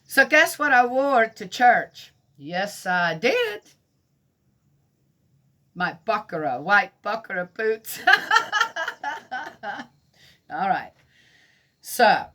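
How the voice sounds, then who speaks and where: A woman's voice: mid-range voice, fairly bright tone. A middle-aged woman from Switzerland teaching a Bible lesson, telling personal stories in a chatty, laughing way and asking her listeners questions. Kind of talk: storytelling sermon.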